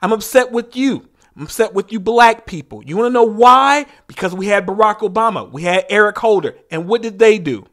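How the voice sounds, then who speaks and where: A man's voice: sits high, expressive, brisk, fairly bright tone. A man delivering an impassioned, preaching monologue as a show host, repeating lines for emphasis.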